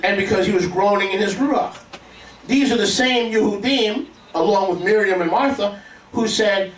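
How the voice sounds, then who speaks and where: High-voiced preacher in an echoey hall. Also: male voice, moderate pace. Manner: emphatic, calls on the congregation to respond. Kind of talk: sermon. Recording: echoey room, mic at a distance.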